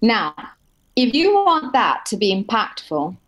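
Animated woman voice coach. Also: measured pace, poor audio. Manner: animated, demonstrates vocal colour by shifting pitch. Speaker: voice coach, opera singer. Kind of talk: conversational interview.

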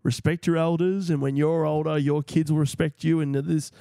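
A man's voice: fairly high pitch, flat delivery, normal speed, creaky, mellow, dry recording, studio quality. A young Australian man co-hosting a podcast, chatty and enthusiastic. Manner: enthusiastic, laughs a lot. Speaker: podcast co-host. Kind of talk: casual chat.

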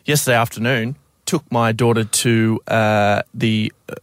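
A man's voice: on the low side, fairly even intonation, measured pace, clear, resonant tone, dry recording, clean studio sound. A young Australian man co-hosting breakfast radio, telling rambling stories with lots of laughs. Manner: rambling storyteller, laughs often. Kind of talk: casual radio banter.

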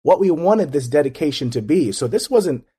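A man's voice: on the high side, animated, normal speed, mellow, husky. A man as an interview guest, talking in an earnest, reflective way with frequent restarts. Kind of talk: casual conversation.

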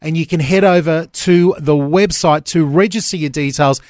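A man's voice: on the high side, darkish tone, no room sound, studio quality. A man hosting breakfast radio, chatty and joking with his co-host. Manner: chatty, joking, quick to laugh. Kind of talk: upbeat radio banter. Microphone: studio microphone.

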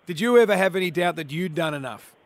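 A man's voice: sits high, expressive, fast, dry recording. Matey Australian male radio host, dry studio sound. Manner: matey, self-deprecating. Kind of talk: radio interview.

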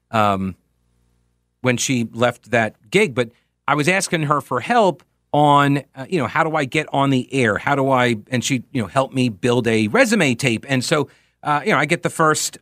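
A Charlotte, North Carolina man in his forties hosts a radio talk show at medium pitch with a fairly bright tone. He rambles, goes off on tangents, and pokes fun at himself in a casual monologue with readings. The recording is dry and clean, studio quality.

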